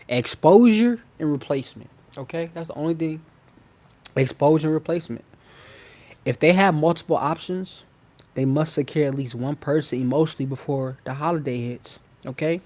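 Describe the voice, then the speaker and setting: A man's voice: a little high, a little mellow. A man hosting a live-stream masterclass, talking in a slangy, emphatic way, repeating key phrases and checking in with his listeners. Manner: slangy and informal. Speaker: self-help channel host.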